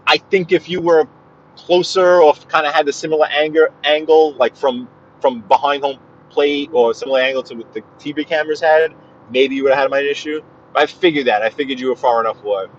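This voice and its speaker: A man's voice: on the high side, fairly even intonation, brisk, lo-fi sound, a little hiss or hum. A man chatting casually to his live-stream viewers while driving, stumbling and repeating words as he talks. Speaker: live-streaming driver vlogger. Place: inside a car on the highway.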